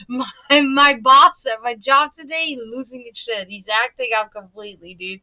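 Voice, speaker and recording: A woman's voice: a little high, moderate pace, no echo. A woman from Serbia, chatting casually on her livestream while she paints, rambling and swearing as she vents. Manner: rambling, heavy swearing, animated venting. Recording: tinny phone-like dry sound.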